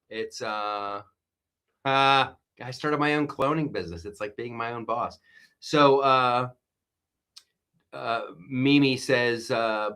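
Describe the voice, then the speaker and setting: Slow, rambling male show host. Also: mid-range voice, a bit bright, clear, resonant tone. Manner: rambling, emphatic, reads viewer comments aloud. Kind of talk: casual political commentary.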